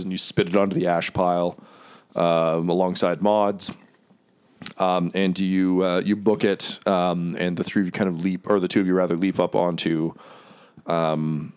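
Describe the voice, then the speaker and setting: A man's voice: sits low, clear, resonant tone. A man narrating as game master in a loose, rambling way, full of fillers.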